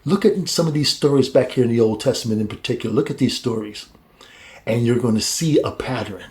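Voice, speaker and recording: Warm-voiced man teaching the Bible. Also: medium pitch. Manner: colloquial and halting, with many restarts. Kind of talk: casual expository Bible teaching.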